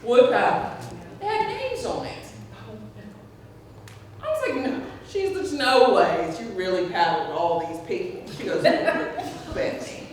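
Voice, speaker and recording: A woman's voice: a little high, lively intonation, unhurried, a little mellow, a little hiss or hum. A woman speaking at a memorial tribute, telling personal stories to a gathering, acting out the voices she quotes and laughing often. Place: large hall at a community gathering. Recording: echoey hall from far off.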